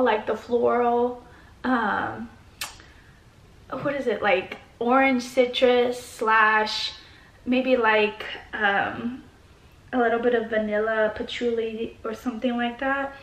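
A woman's voice: fairly high pitch, steady tone, slow pace, fairly bright tone, echoey room. A young adult woman vlogger chatting casually at home as she unboxes things, gushing and chatty with plenty of fillers. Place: her home.

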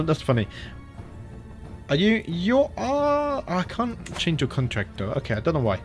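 An Australian man with a slightly high voice talks his way through a strategy game on stream. He thinks out loud, mutters, corrects himself and drops the odd mild curse. Faint game music plays underneath. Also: sing-song, normal speed. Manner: chatty, thinks aloud, mutters and self-corrects, frequent mild swearing. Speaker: gaming streamer. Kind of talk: casual live-stream commentary while playing a strategy game.

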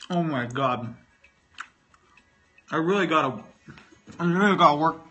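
A man's voice: fairly high pitch, lively intonation, a little slow, sharp tone, slight background noise. A man chatting casually on a livestream while eating candy, rambling and self-mocking, swearing freely and talking with his mouth full. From North Carolina, US. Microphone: phone.

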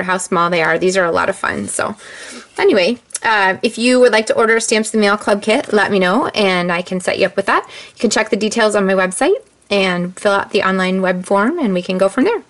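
A woman demonstrating a card-making craft step by step, chatty and relaxed, with frequent ums. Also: mid-range voice. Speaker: stamping demonstrator. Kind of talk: casual craft tutorial.

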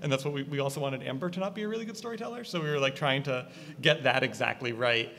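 A man from Connecticut with an East Coast accent, a filmmaker talking casually about his film, halting, with many fillers. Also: mid-range voice, pushed and bright. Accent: East Coast American. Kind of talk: casual conversation at a screening. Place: art gallery. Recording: reverberant gallery space.

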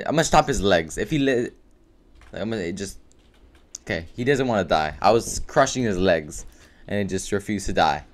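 A man giving live gameplay commentary for his video, excitable and full of profane trash talk. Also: low voice, normal speed, pauses often, noisy background. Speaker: gaming video creator.

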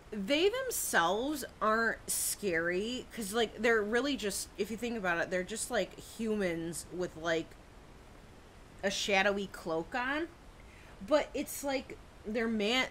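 A woman's voice: mid-range voice, lively intonation, slow, fairly bright tone, a little hiss or hum. A young woman streaming a horror game, chatting with viewers and yelping at the scares. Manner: jumpy, chatty, talks to viewers and yelps at scares. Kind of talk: live gameplay commentary.

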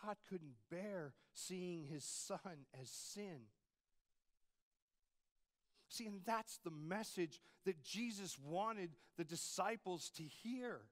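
A man's voice: high voice, animated, takes it slowly. A man preaching a sermon as campus pastor, in a conversational style with frequent rhetorical asides to the congregation.

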